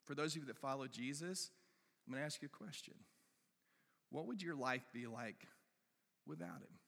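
A man preaching a sermon as pastor, earnest and emotional, with quick asides to the congregation. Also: mid-range voice, lively intonation, creaky, fairly bright tone. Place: church sanctuary. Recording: hall reverb.

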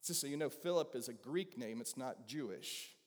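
A man's voice: medium pitch, lively intonation, moderate pace. A man with a Southern accent preaching a conversational sermon as pastor, asking the congregation questions. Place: church sanctuary. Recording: long reverb of a large hall.

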